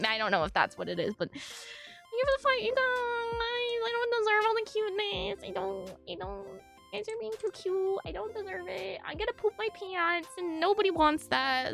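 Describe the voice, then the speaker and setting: A woman streams live and chats casually with her viewers, swinging between excited squeals and low mumbling.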